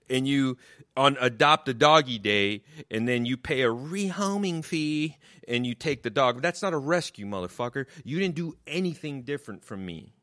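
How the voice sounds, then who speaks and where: A man's voice: mid-range voice, a bit bright. A man delivering a profane, mocking comic rant, swearing constantly and hammering the same insults. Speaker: comedian.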